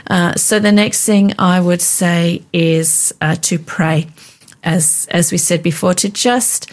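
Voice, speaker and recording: A woman's voice: on the low side, takes it slowly. A woman co-hosting a devotional chat, earnestly explaining practical ways to read the Bible and pray. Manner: earnest, practical, gently instructive. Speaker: co-host teaching Bible reading. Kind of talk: casual devotional teaching chat.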